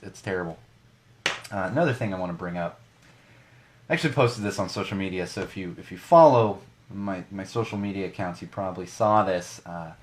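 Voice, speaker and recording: A man in his thirties, a podcast co-host, ranting animatedly in a casual podcast monologue with many restarts. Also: on the low side.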